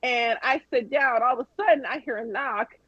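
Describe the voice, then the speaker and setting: A woman with a husky, slightly raspy voice tells a lively story, swearing freely and mimicking the people she quotes. The sound is dry and dull, like lo-fi stream audio. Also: a little high, moderate pace, no room sound. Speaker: guest. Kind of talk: casual storytelling on a podcast.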